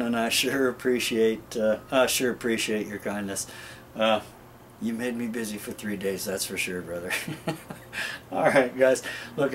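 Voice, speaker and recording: A man's voice: medium pitch, a little hiss or hum. Chatty, rambling man showing his garden. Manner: rambling, chuckles often, addresses viewers as guys. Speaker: gardening video host. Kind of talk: casual show-and-tell vlog.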